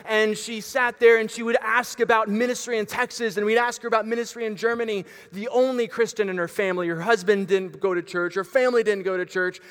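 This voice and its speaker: Male pastor, lively storytelling sermon, slightly high voice, reverberant hall sound. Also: fairly quick, hardly any pauses. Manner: animated, with frequent fillers and restarts. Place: church gym.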